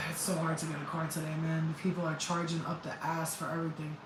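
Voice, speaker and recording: A woman's voice: low-pitched, quick pace, recorded from a distance. A blunt, profane woman chats to her viewers on a casual livestream. She laughs often and acts out what other people said. She sits well back from the mic in a roomy, echoing space with a faint hum behind her. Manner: animated, acts out quotes. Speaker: spiritual healing vlogger.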